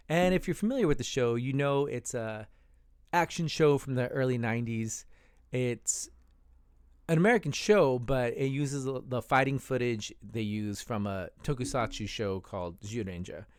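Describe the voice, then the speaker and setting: A man's voice: mid-range voice, lively intonation, normal speed, clean tone, no echo, studio quality. A man hosting a casual video review, chatty and joking.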